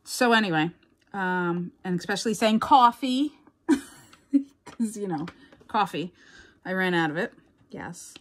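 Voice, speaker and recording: A woman's voice: lowish voice, normal speed, pauses often, a bit bright. A woman with a New York accent chatting casually to viewers as a crafting vlogger, rambling and laughing often.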